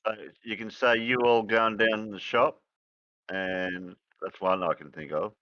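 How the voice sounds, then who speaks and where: A man's voice: fairly low pitch, steady tone, a little slow, no room sound, dull audio. A man with an Australian accent in casual livestream chat, often restarting and repeating words. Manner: hesitant, repeats words while getting going.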